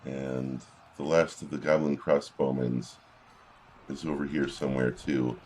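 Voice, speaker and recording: A man's voice: a bass voice, flat delivery, measured pace, mellow, slight background noise. A man giving casual gameplay commentary, reading in-game combat logs aloud with wry asides.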